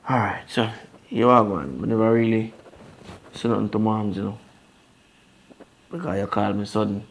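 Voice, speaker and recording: A man playing a blunt, gravelly Jamaican brother. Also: lowish voice, moderate pace, a little hiss or hum, close to an everyday voice. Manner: blunt, frank, lecturing. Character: man taking his deported brother in, blunt and frank. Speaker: actor in a crime drama. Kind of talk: Jamaican Patois film dialogue.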